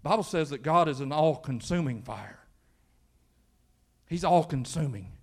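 A male pastor preaches by retelling a story with lively energy, often restarting his phrases. His voice sits high for a man. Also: unhurried, gravelly. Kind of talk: sermon storytelling.

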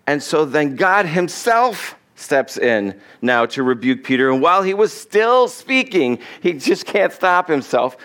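A man's voice: a little high, big pitch swings, unhurried, hardly any pauses, a bit bright. Man preaching a chatty sermon. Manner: conversational, acts out quoted lines, chuckles. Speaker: pastor.

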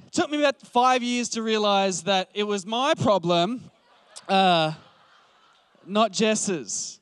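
A man in his late twenties preaches in a relaxed, conversational way, passionate and full of restarts as he thinks aloud. His voice sits fairly high and sounds smooth and resonant. The sound is dry and close. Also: takes it slowly, dry recording. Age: late 20s. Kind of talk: conversational sermon.

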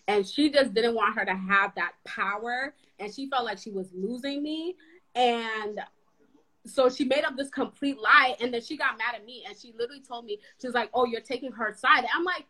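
A woman's voice: on the high side, pushed and bright, poor audio. A young woman telling a story in casual chat, acting out the people she quotes.

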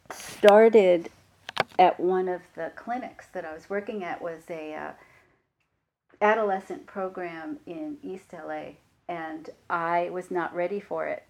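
A woman giving a dharma talk as a meditation teacher, reflective and unhurried, with frequent pauses and fillers. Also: on the low side, creaky, darkish tone.

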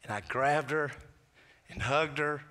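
Guy pastor giving a sermon, high bright voice, tells stories casual-like. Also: slow pace. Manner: storytelling preacher, conversational asides.

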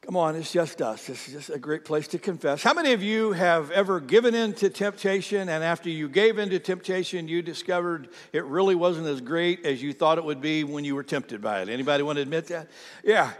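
A man preaching a sermon as a pastor, telling stories with animated energy and speaking straight to his congregation. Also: a little high, fairly quick, big-room sound.

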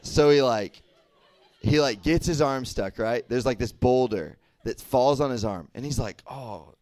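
A young man preaching a casual sermon as a youth pastor, chatty and animated, full of fillers and quick check-ins with the room. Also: medium pitch, no echo, a faint crowd.

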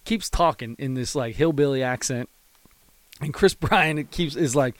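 A man in a casual sports chat, telling a story in an animated way and briefly putting on high voices to quote people. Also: normal speed, no room sound.

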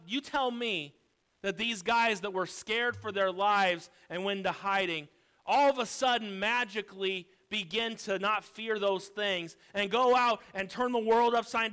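A man preaching a sermon in a strikingly high, bright and ringing voice. He swings from hushed, low stretches to emphatic shouting, hammering his points with repetition. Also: clean tone.

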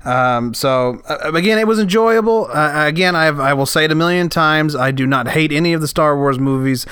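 A man's voice: fairly high pitch, moderate pace, a bit bright, smooth, dry recording. Rambling male podcast host, dry mic. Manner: rambling, filler-heavy, laughs easily. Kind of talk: casual podcast chat and film review.

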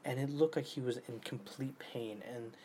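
A man in his twenties talking casually in an animated way, swearing often and swinging between loud outbursts and near-whispers. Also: medium pitch, moderate pace, a little hiss or hum. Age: 20s. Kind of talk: casual monologue.

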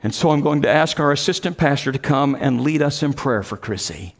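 A man with a notably high speaking voice delivers a storytelling sermon. He leans into emphatic phrasing and climbs louder when he quotes the people in his story. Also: animated, brisk. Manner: emphatic storytelling, rises loud when quoting. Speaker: preacher.

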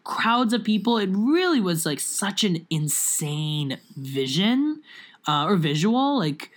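A woman's voice: mid-range voice, very animated, slow pace. A young woman chatting casually as a podcast co-host. She rambles, with lots of fillers and restarts. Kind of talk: casual chat.

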